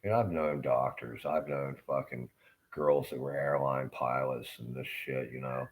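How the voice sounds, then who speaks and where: Very deep-voiced man in an angry profane rant. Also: normal speed. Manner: profane, agitated, rambling. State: in pain. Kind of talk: angry ranting monologue.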